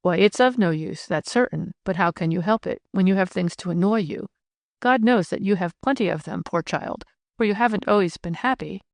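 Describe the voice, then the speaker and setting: A woman's voice: medium pitch, a little fast, no room sound, studio quality, close to an everyday voice. A woman reading a hearty widowed ploughman. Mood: earnest. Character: sturdy widowed farm ploughman, warm, good-humored.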